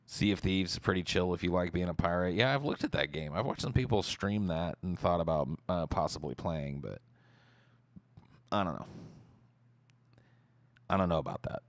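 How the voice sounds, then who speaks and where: A man streaming, casually answering viewer questions in a relaxed, rambling way and swearing freely. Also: deep voice, normal speed, pauses often, dry recording.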